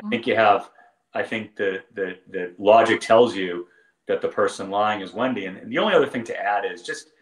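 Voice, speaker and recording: A man giving legal commentary as a panel guest, halting and repeating words as he reasons through a point. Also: fairly low pitch, roomy sound, poor audio.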